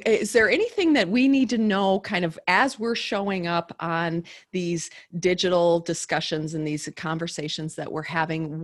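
A woman hosting an interview over a video call, asking questions with enthusiasm and frequent fillers and restarts. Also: lowish voice. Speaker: host. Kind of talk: conversational interview.

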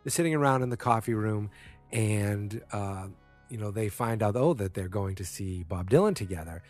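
A man with a somewhat low voice talks through a TV episode in a loose, rambling way. He stacks up fillers, corrects himself mid-sentence and drops blunt opinions without holding back. Faint music sits underneath his voice. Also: expressive, moderate pace, a little mellow. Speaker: TV episode recapper. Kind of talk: casual spoken recap.

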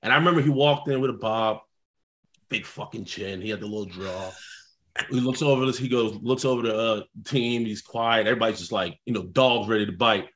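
A man, a former football player and guest, telling a story in a casual, animated way, swearing freely. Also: lowish voice, a little fast.

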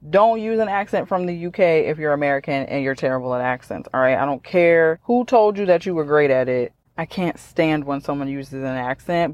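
Chatty, sarcastic millennial mom host. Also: female voice, low voice, a little mellow, no echo, dull audio. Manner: chatty and ranting, with dry sarcasm. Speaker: podcast host. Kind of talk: casual solo podcast chat.

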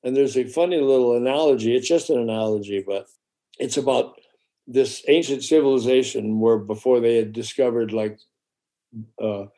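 In casual conversation, a man tells a story at a normal pace in a medium-pitched voice. He's animated, acting out his characters' voices and swearing now and then.

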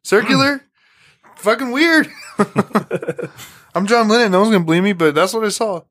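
Guy doing a goofy impression of a famous musician, kinda high voice, amused. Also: expressive, normal speed, fairly bright tone. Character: man impersonating a famous musician describing a UFO.

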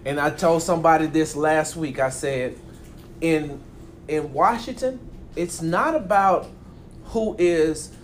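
A man with a slightly raised voice hosts a casual political talk. He is animated and acts out the people he quotes, often stumbling and restarting mid-sentence. A faint hiss sits under the recording. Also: fairly high pitch, slow pace. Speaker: talk show host.

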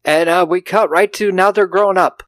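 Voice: mid-range voice, steady tone, moderate pace, fairly bright tone, no echo. A podcast co-host reviewing a film in casual chat, laughing often and acting out quotes in silly voices.

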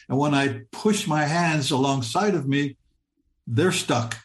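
An older man in his seventies tells a personal story in a somewhat high voice. He halts, restarts and repeats words, recounting it in vivid present tense, and his voice carries a roomy echo. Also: unhurried. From Michigan, United States.

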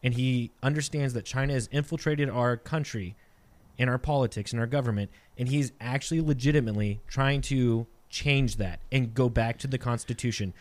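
A man's voice: mid-range voice, normal speed. A man hosting a casual podcast chat who rambles through his point and often restarts sentences.

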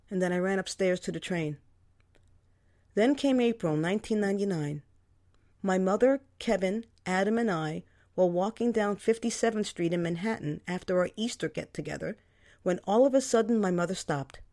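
A woman tells her own family story in the first person, wry and candid. Her pitch sits in an ordinary middle range, and her delivery is conversational rather than polished. It sounds like a personal memoir read aloud. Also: normal speed, dark tone. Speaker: memoir narrator.

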